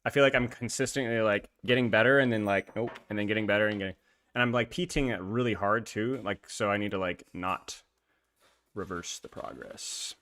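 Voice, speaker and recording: A man's voice: lowish voice, fast, fairly bright tone. A man streaming, chatting casually with viewers while gaming, laughing often and using lots of filler words. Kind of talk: casual live-stream chat.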